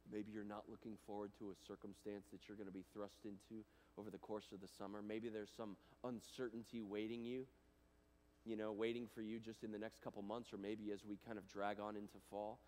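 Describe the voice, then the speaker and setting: A man giving a chapel talk to students, animated and casual, swinging between loud and hushed, with plenty of fillers. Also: fairly low pitch, brisk. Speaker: guest speaker. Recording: reverberant hall.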